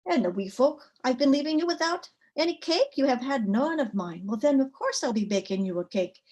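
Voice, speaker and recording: A woman's voice: sits high, lively intonation, fairly quick, a little mellow, voice pushed up. A woman voicing a clever, determined housewife in a folk tale, speaking with lilting, folksy phrasing. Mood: brisk.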